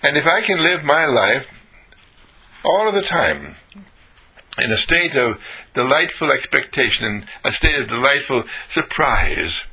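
A man giving a motivational monologue, acting out delighted, surprised exclamations in a lively, swooping voice. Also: mid-range voice, unhurried, husky. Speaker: inspirational speaker.

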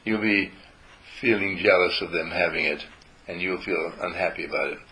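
A man giving a gentle spiritual talk to a group, telling stories and acting out how he talks to his dog. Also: low voice, normal speed, poor audio.

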